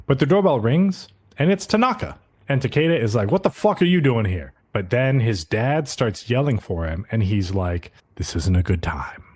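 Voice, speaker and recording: A man co-hosts a podcast and walks through an anime episode scene by scene in a casual recap. His pitch rises and falls a lot as he tells it, and he keeps slipping in quick quoted asides. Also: a little mellow, breathy edge. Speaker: podcast co-host.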